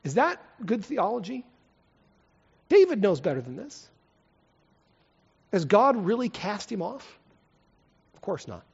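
A man preaching a sermon, reading scripture with passion and then leading a quiet prayer. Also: sits high, big pitch swings, a little slow, gravelly, pauses often, breathy edge. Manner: impassioned, swings from loud dramatic reading to soft prayer. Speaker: pastor. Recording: lo-fi recording with long hall reverb.

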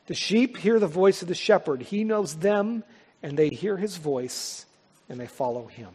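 A man preaching a sermon as pastor, earnest and dynamic, with dramatic pauses and rising swells. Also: high voice, expressive, a little mellow, husky, big-room sound.

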